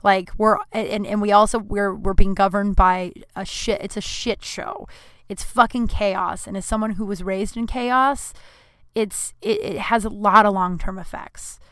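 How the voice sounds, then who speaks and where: A woman's voice: mid-range voice, fairly even intonation, a little slow, a bit bright, no room sound. A young adult woman hosting a podcast, chatting casually and profanely with self-deprecating jokes. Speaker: podcast host. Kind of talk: casual solo podcast outro.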